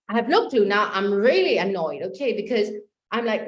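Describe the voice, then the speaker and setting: A woman's voice: medium pitch, expressive, fairly quick, reverberant. A woman life coach telling a personal story in a motivational talk, acting out the dialogue as she goes.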